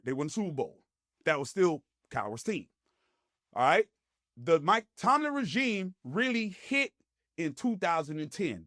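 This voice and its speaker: Emphatic high-voiced man, heated sports rant. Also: distant mic. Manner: emphatic, rising to near shouts, repeats "you know what I'm saying". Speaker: sports show host.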